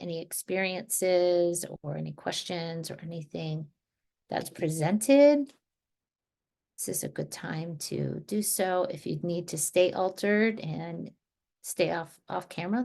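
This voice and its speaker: Relaxed woman leading a group call. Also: lowish voice, unhurried, creaky. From New Jersey, USA. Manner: relaxed, rambling, with frequent restarts. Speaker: energy healing group facilitator. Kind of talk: casual guided group talk. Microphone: video call.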